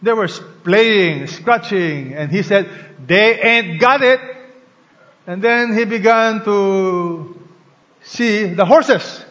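High-voiced preacher in an echoing church. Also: male voice, slow pace, a bit bright. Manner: preaching with call-and-response prompts to the congregation. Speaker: pastor. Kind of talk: sermon. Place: large church hall. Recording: long hall reverb, slightly dull sound.

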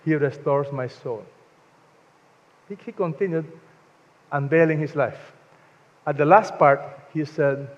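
Male pastor, fairly high voice, emphatic sermon delivery, dull recording in a reverberant hall. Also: measured pace, pauses often. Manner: emphatic, asks the congregation to repeat lines.

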